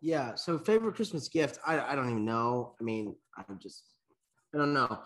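A man's voice: mid-range voice, expressive, moderate pace, a bit bright. A young man co-hosting a casual sports podcast, rambling and sometimes choking up with emotion. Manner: rambling, gets emotional and chokes up. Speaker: podcast co-host. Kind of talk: casual chat.

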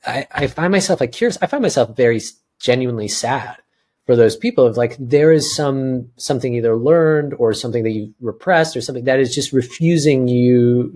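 A man's voice: medium pitch, a little mellow. Earnest man talking casually. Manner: earnest, many restarts and fillers. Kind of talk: casual conversation.

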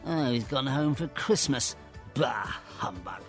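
A man voicing a miserly, grumbling old man, a stingy employer with a scornful, drawn-out way of speaking. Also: mid-range voice, animated, faint music behind, lightly acted.

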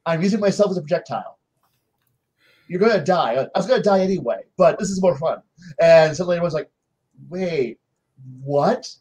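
A man on a game-master panel telling stories about his players in casual chat, acting out their lines in quick voices. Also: high-pitched, lively intonation, darkish tone, slightly rough, poor audio.

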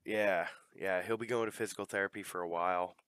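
A man's voice: deep voice, steady tone, fast talker, a bit bright, clear, resonant tone, no room sound. Rambling, profane man, dry sound. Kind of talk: casual chat.

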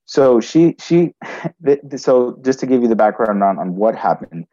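A man's voice: mid-range voice, expressive, dark tone, lo-fi sound. A man telling a personal story in conversation, restarting often and adding "right?" as he goes. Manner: halting, frequent restarts and "right?" tags.

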